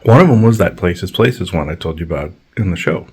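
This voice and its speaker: A man's voice: low voice, animated, a little fast, a little mellow, husky. A man hosting a podcast, telling long, rambling stories in a blunt, profane way, full of fillers. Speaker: podcast host. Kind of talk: casual storytelling on a podcast.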